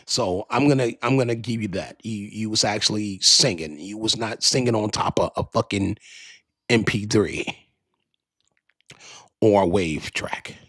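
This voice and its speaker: A man's voice: medium pitch, creaky, fairly bright tone, breathy edge, no room sound. A man hosting a podcast, ranting casually in a profane, rambling way, often restarting his sentences, into a studio microphone. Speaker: podcast host. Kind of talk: casual rant.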